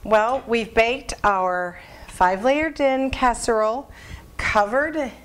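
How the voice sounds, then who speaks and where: A woman's voice: fairly high pitch, takes it slowly, smooth. Chatty woman host of a cooking video. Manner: chatty and folksy, laughs at herself, talks to viewers as "guys". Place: home kitchen.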